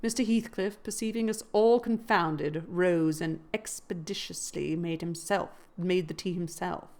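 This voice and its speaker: A woman reading a classic novel aloud in a measured narrating voice that grows louder at dramatic moments. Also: on the low side. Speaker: reader.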